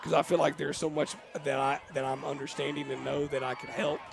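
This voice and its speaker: Gravelly man calling a game. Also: fairly high pitch, little pitch movement, brisk, crowd noise. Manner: jokey, rambling, laughs often. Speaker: play-by-play commentator. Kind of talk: live game commentary with banter.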